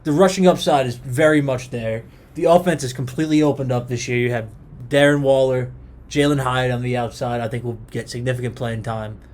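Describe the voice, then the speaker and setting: A young man talking through his picks in loose, easygoing sports chat. He jokes around with his co-host and keeps the banter animated, at a middling pitch for a man. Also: a little fast. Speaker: podcast co-host.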